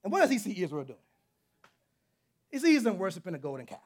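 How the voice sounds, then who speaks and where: A man speaks at a quick pace in a high-pitched, breathy voice that is very animated. He delivers an earnest, conversational sermon, repeating lines that build toward emphatic peaks.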